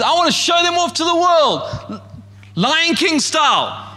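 A man preaching a sermon with passion, rising to shouts as he acts out God speaking. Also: very high voice, lively intonation, a little slow, long reverb tail. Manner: impassioned, shouts when acting out God's voice. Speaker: pastor.

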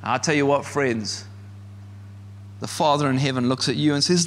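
A man preaching a sermon with passion, rising to shouts as he acts out God speaking. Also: on the high side, lively intonation, moderate pace, in a large hall. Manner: impassioned, shouts when acting out God's voice. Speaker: pastor.

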